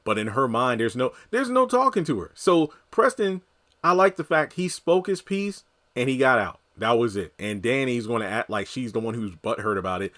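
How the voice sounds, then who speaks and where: A man's voice: mid-range voice, sing-song, moderate pace, a bit bright. A man giving casual, rambling commentary, heavy on filler words. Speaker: TV recap commentator.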